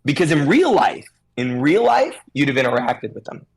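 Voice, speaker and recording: A man with a slightly raised, husky voice talks on a podcast. His delivery swings widely up and down as he coaches emphatically. He drops into quick acted-out bits of everyday conversation. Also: fairly high pitch, very animated, low-quality recording. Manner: acts out little scenes in different voices. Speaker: guest expert on social media for stylists. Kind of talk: animated podcast chat.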